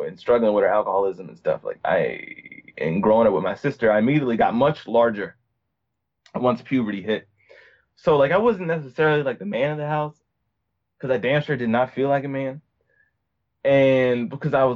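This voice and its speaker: A man's voice: medium pitch, dull audio. A young man from Virginia telling a personal story in a casual, rambling way, full of fillers and restarts. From Virginia, USA. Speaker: podcast guest.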